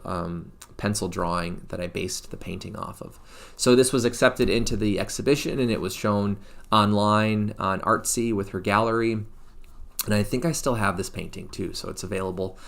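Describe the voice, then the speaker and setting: Low, gravelly man musing aloud. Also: fairly bright tone. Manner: rambling, thinks aloud with many fillers and restarts. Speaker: painter presenting his studio work. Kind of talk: casual live-stream presentation.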